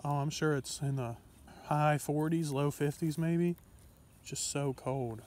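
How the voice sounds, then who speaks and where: A young man from Ohio narrating his fishing trip outdoors in an excitable, casual vlog manner, talking to viewers as he fishes. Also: on the high side, takes it slowly. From Ohio, USA. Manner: excitable, talks to himself and viewers, frequent exclamations. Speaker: fishing vlogger. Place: outdoors by a pond.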